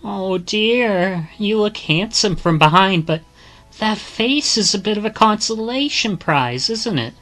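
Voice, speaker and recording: Brief: woman voicing a blunt, cheerful young woman for a game read-through; chirpy, unhurried, faint music behind. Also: medium pitch, animated, a bit bright, voice pushed up. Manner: chirpy, sing-song, calls people love. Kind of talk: reading a visual novel aloud.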